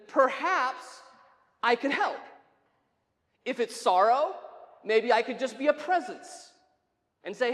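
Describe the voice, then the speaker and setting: A man's voice: extremely high pitch, lively intonation, a little slow, pauses often, fairly bright tone. Guy pastor preaching, chatty, asks the room questions, lots of church echo. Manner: conversational, asks the congregation questions, wry asides. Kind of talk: sermon. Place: church sanctuary. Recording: long church reverb.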